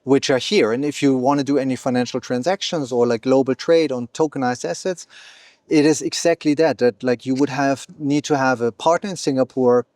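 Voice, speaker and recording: A man's voice: medium pitch, fairly quick, darkish tone, dry recording, studio quality. A man being interviewed as a company founder, talking fluently but with many fillers and restarts. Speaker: exchange founder, guest. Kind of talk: conversational interview. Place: event venue.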